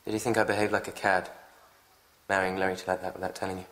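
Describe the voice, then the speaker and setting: Hesitant young gentleman in a period film. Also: low-pitched, level tone, quick pace, low-quality recording.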